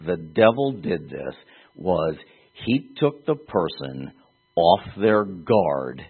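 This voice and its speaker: A man's voice: low-pitched, husky. A man preaching an expository sermon, acting out quoted voices as he teaches. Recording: phone-like narrow band.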